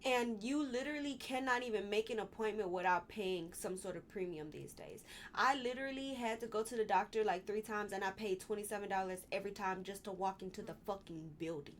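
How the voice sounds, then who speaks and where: A woman's voice: medium pitch, a little fast, hardly any pauses, slight background noise. A woman hosting a casual commentary vlog, exasperated and rambling, with frequent restarts and apologetic asides. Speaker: vlog host.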